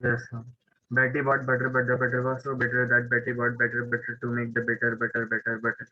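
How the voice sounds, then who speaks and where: Flat, fast-talking male student. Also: medium pitch. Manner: rushed tongue-twister recitation. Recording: tinny phone-like call audio.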